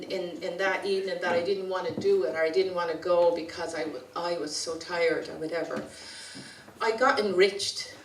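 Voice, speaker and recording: Irish woman speaker, colloquial storytelling at a conference, faint room noise, lower register. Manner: chatty, anecdotal, colloquial. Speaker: community activist speaker. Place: conference hall. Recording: roomy sound from a distant mic.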